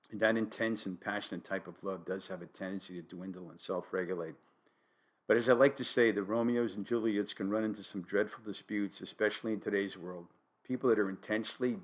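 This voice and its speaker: An older man from New Haven, Connecticut, with a New England accent and a fairly low pitch, hosts a solo podcast. His humor is dry, wry, and deadpan.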